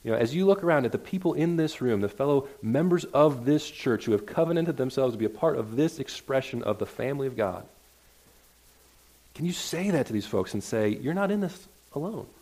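A male pastor delivers a sermon in an earnest, conversational way, at a middling pitch. He often stumbles and restarts mid-sentence as he presses his point to the congregation in the church. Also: animated, brisk, mellow. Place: church sanctuary.

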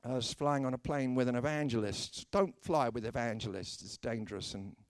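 A man's voice: mid-range voice, a little fast, no room sound. A British man preaching a humorous sermon, telling stories and acting out the voices of the people in them with dry, self-mocking wit. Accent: British English. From Britain. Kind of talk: humorous sermon with acted anecdotes.

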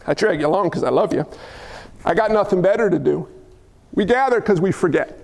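High-voiced animated preacher in a reverberant hall. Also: male voice, fairly quick, gravelly. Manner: animated, jokey preaching with acted-out quotes. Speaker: pastor. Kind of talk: sermon.

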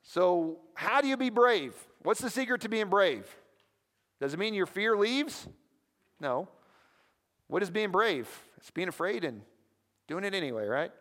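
A man preaching a sermon as pastor, lively and conversational, often prompting the listeners with questions. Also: high-pitched, measured pace, long pauses. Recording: long hall reverb.

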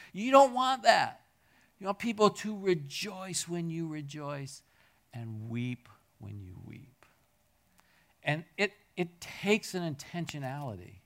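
A middle-aged man delivers a sermon in a church hall. He speaks in a slightly raised voice with very lively pitch, and his volume rises and falls sharply with each story. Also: measured pace. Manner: animated storytelling, swings from loud peaks to near-murmurs. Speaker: pastor.

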